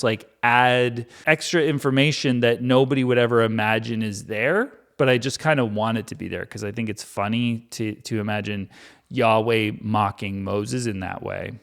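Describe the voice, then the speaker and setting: A man hosting a comedic Bible reading, rambling with joking asides and lots of filler words. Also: medium pitch. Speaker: host.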